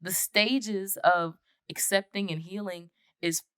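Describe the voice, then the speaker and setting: A woman's voice: mid-range voice, steady tone, takes it slowly, fairly bright tone, clean tone, no echo, clean studio sound. A woman from the United States, a podcast guest, telling her personal story in an earnest way and acting out past conversations. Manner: earnest, reenacts past conversations in quoted voices.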